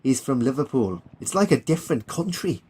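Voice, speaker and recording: A man's voice: medium pitch, sing-song, fairly quick, a little mellow, a little hiss or hum, voice pushed up, natural voice. A man doing a dry, sardonic Irish soldier.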